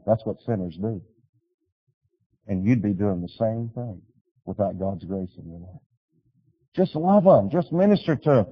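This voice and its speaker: A man preaching a sermon, telling stories and urging his listeners, swinging from loud appeals to quiet pleas. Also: lowish voice, lively intonation, a little slow, pauses often, breathy edge, big-room sound, dull audio. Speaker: pastor.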